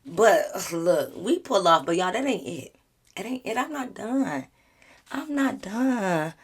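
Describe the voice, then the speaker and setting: A woman YouTuber telling a storytime vlog in a sassy, slangy, animated way. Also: lowish voice, a little slow, slightly rough.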